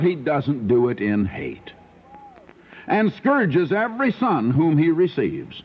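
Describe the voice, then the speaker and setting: An older male preacher tells homely stories in a folksy radio sermon. His pitch swings up and down with feeling. The sound is thin and tinny, like an old radio broadcast. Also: slow, husky. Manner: folksy storytelling preaching, animated.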